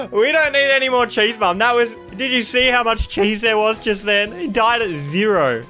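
Excitable high-voiced young man. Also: normal speed, faint music behind. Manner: excitable, laughs often, frequent shouts. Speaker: gaming YouTuber. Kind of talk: live gameplay commentary.

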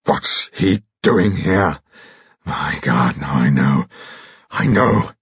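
A man voicing an agitated, volatile older aristocrat who shouts in an audiobook. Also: lowish voice, expressive, brisk, husky, no room sound, dull audio, pitched above the performer's own voice, exaggerated voice. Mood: frantic.

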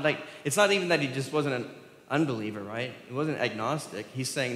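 A man's voice: mid-range voice, expressive, normal speed, sharp tone. A man preaching a sermon as pastor, talking conversationally, asking the congregation questions and laughing often. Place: church sanctuary. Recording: roomy hall reverb.

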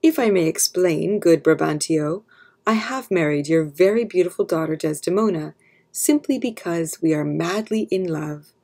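A woman reading aloud, voicing a male general who speaks calmly and turns stern with his soldiers. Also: on the low side, normal speed, gravelly. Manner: calm, turning stern. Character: male general, calm but stern commander.

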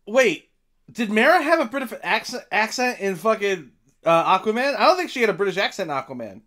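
A young man hosting a live stream from home, chatting casually as he reacts to a film, excitable and profane, now and then breaking into shouts. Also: sits high, a little fast. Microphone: desk mic with headphones.

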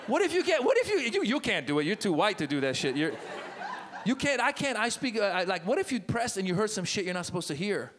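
Brief: middle-aged Iranian-born stand-up comic, bright, forceful voice, slightly high, club mic with faint noise. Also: male voice, fast talker. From Iran. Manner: animated, jumps into loud put-on voices and mock accents. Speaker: stand-up comedian. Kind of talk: stand-up set with crowd work. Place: comedy club stage.

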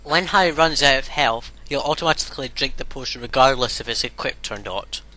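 A man's voice: medium pitch, fairly quick, pushed and bright. A man casually commentating on a video game he plays, rambling and blunt, now and then swearing. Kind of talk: casual let's play commentary.

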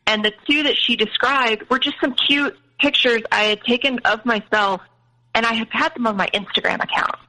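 A woman's voice: on the high side, normal speed, pushed and bright, low-quality recording. A young woman candidly recounting a painful family story, quoting others in her own voice. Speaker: guest telling her story. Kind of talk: personal storytelling.

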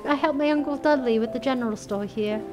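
A woman's voice: high voice, quick pace, darkish tone, soft background music, lightly acted. A woman voicing a polite young male shopkeeper in a cozy game, with a put-on British accent.

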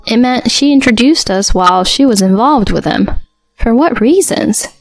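Woman narrating a story over soft music. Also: fairly high pitch, expressive, moderate pace, creaky, no echo. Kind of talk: first-person story narration.

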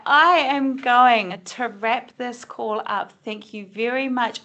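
A woman's voice: fairly high pitch, a bit bright. A middle-aged woman from New Zealand with a slight Kiwi accent, co-hosting an online community call in a chatty way, thinking aloud with small restarts. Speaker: co-host of a community video call. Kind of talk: casual online meeting chat. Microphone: video call.

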